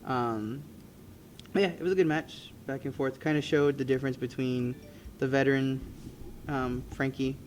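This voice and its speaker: A podcast co-host recaps wrestling matches in loose, rambling conversation full of ums and restarts. His mid-range voice has fairly even intonation and a moderate pace, with a faint hiss or hum in the recording.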